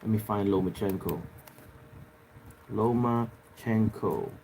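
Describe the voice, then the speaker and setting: A man's voice: fairly low pitch, slow, a little mellow, a little hiss or hum. A man on a live stream, rambling loosely to his viewers with plenty of filler and swearing. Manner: rambling, talks straight to viewers in chat; loose and profane, lots of filler. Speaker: livestreamer. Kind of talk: casual livestream chat.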